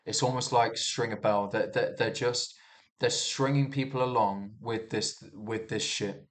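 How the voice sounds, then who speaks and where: A man's voice: medium pitch, steady tone, unhurried. A man riffing on the news in a loose, unscripted monologue. He talks heatedly, trips over his words and restarts sentences often, and swears freely along the way. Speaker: commentator reviewing the news. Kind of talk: casual rambling monologue.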